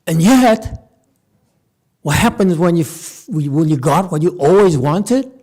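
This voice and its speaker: A Buddhist master gives a relaxed lecture in a temple hall, slow and deliberate but with a voice that swings widely up and down. He sits a little high for a man, often breaks off to prod his listeners with "hmm?" or "okay?", and stumbles through restarts before landing his point. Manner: halting restarts, playful asides. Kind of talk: conversational Dharma lecture.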